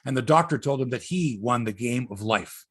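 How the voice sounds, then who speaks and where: A man's voice: mid-range voice, lively intonation, brisk, a bit bright, breathy edge, no room sound, clean studio sound. A man hosting a sports podcast, telling rambling, profane stories in casual chat.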